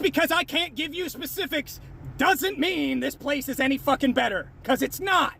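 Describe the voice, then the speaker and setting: Male online commentator, bright piercing tone, furious profane rant to camera. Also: very high-pitched, normal speed, gravelly. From United States. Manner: shouting, profane, heated. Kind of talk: angry rant replying to comments.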